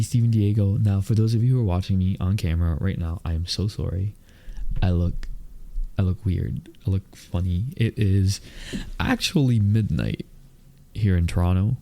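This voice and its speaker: A man in his mid-thirties hosts a casual solo podcast, his low, gravelly voice carrying a slight lisp from the retainers he wears. He talks slowly and deliberately, with plenty of fillers, and his tone is mellow and dark in a dry, close-sounding space. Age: mid-30s. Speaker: podcast host.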